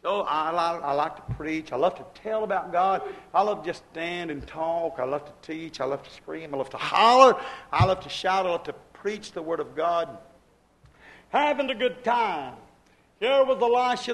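A man preaching a sermon as pastor, swinging from quiet asides to shouted exclamations in a repetitive, emphatic cadence. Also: sits high, moderate pace, rough recording. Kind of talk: Pentecostal-style sermon.

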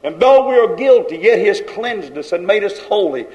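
A high-voiced man delivers a fiery sermon. He scolds his listeners in a steady, rhythmic pile-up of repeated phrases, with plain folksy grammar. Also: moderate pace, muffled recording. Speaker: preacher.

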